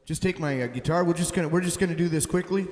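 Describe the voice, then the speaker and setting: A musician hosting a casual live stream from home, talking haltingly with many fillers and restarts. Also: male voice, a little high, darkish tone, echoey room, big-room sound.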